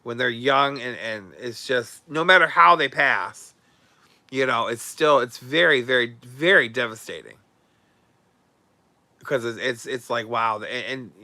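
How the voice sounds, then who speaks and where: A man's voice: mid-range voice, pushed and bright, dry recording. A male host chatting casually on a livestream, blunt and sarcastic with crude language.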